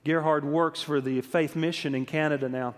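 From the pulpit, a preacher with a fairly high voice gives a sermon at normal speed and in a steady tone, telling stories, stressing each point emphatically and repeating his words. A long reverb makes him sound like he's in a large church sanctuary.

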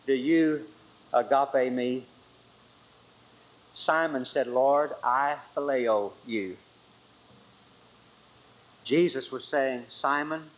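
A man preaching a sermon with emphatic delivery, swinging from high forceful lines to low quiet ones. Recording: dull lo-fi sermon recording.

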